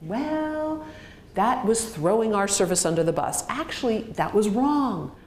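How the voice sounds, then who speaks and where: A woman physician giving a grand rounds lecture, talking in an animated way, acting out bits of dialogue and using plenty of fillers. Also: mid-range voice, moderate pace, echoey room, slight background noise. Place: hospital lecture hall.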